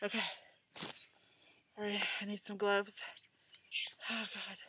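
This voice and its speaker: A woman's voice: mid-range voice, flat delivery, slow pace, noisy background. A woman vlogging outdoors to her camera in a casual chat, swearing, squealing and laughing nervously.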